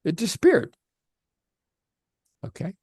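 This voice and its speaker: A man coaching on a video call, telling stories in an animated way and often restarting his sentences. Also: slow, no echo, clean studio sound. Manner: animated storytelling with frequent restarts. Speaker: life coach.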